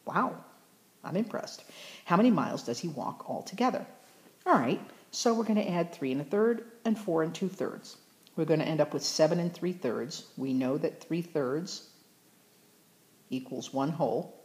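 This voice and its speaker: A woman math teacher's deep, darkish voice carries lively intonation at a moderate pace as she covers fractions in a recorded lesson. Encouraging and conversational, she often stops to correct herself mid-sentence.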